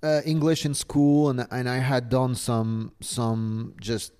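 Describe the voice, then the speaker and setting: French-accented male guest, animated, restarts a lot, swears casually. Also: medium pitch, takes it slowly, clear, resonant tone. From France. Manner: animated, restarts often, swears casually, acts out voices in quotes. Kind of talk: casual storytelling in an interview.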